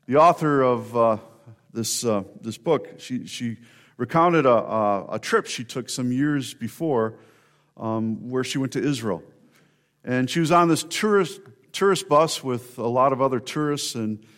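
A man preaching a sermon, telling stories in a conversational way and speaking directly to members of the congregation. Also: mid-range voice. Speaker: pastor.

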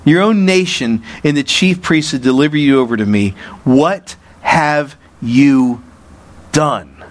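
A man's voice: on the high side, slow. A man putting on a sneering Roman governor. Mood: sarcastic. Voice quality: incredulous, sneering questions. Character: skeptical sarcastic Roman governor, male adult.

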